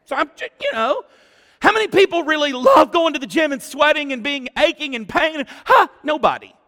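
A man preaching a sermon as pastor, animated and exclamatory, acting out what people say. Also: extremely high pitch, fairly quick. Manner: animated, exclamatory, acts out quotes. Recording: long church-hall reverb.

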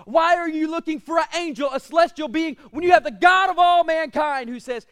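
High-voiced man preaching a sermon. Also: brisk, few pauses. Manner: preaching with rhetorical questions and call-outs to the congregation; swings between loud declarations and quiet, low asides. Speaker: pastor.

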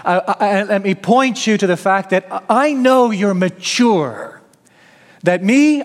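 A man with a high voice delivers an expository sermon at an unhurried, deliberate pace. He is emphatic and now and then speaks in the apostle's voice to paraphrase him. His words ring with the long reverb of a large church hall. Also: lively intonation. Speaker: preacher.

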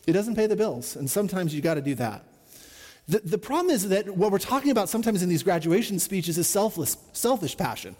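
A man's voice: on the high side, darkish tone, in a large hall. A middle-aged man preaching a sermon as a pastor, in an earnest, conversational way with repeated refrains.

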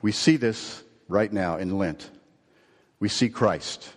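A male pastor giving an earnest sermon, telling a story, then rising to emphatic points and dropping low and slow. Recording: long reverb of a large hall.

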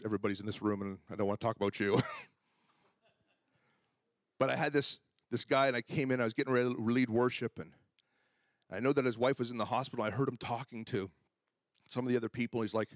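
A middle-aged man preaching a sermon as pastor, telling personal stories and acting out the dialogue with lively energy. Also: medium pitch, fast talker, long pauses, no room sound, clean studio sound. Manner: animated storyteller who acts out dialogue.

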